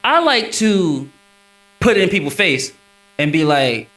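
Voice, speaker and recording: Over poor audio, a man speaks at a measured pace on stage before an audience, preaching on scripture. His delivery is lively, with swinging pitch and preacherly emphasis.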